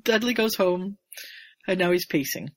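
A woman's voice: lowish voice, moderate pace, no room sound. A woman co-hosting a casual chat, animatedly retelling a story and acting out the characters. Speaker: podcast co-host.

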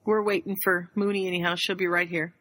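A woman's voice: fairly low pitch, fast. A woman co-hosting a podcast over an online call, chatting casually and telling stories with animation and frequent laughter. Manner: animated storyteller, laughs often. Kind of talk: casual chat.

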